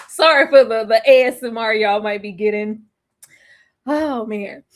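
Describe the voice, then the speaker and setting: A young woman hosting a casual live show about a TV series, chatty and quick to laugh. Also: fairly high pitch. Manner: chatty, laughs often, drawls phrases, slips into playful quoted voices. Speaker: TV recap vlogger. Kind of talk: casual chat to a live audience.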